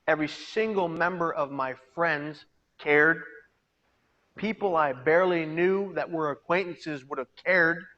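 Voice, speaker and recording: A man giving a personal testimony as a peer mentor, storytelling dramatically and swinging between hushed and loud delivery. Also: on the high side, lo-fi sound. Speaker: peer mentor and suicide prevention speaker. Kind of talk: personal testimony to a live audience. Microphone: video call.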